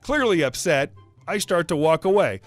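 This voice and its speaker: Man, story narrator, scripted narration, animated pitch, faint background music. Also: normal speed. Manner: lively storytelling, acts out dialogue. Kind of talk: scripted narration of reader stories.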